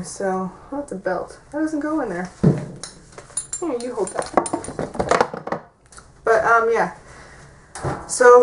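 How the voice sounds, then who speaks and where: Teen girl vlogger, chatty and rambling, mid-pitched voice, faint hiss in the room. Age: teens. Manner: chatty, rambling, heavy use of "like". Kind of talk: casual vlog chat. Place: her bedroom at home.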